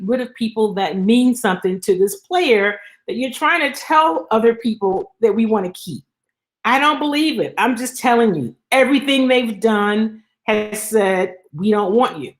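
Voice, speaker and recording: A woman hosting a sports talk show, giving emphatic, exasperated commentary in a casual style, reading and answering listener comments. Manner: emphatic, exasperated, animated pitch jumps.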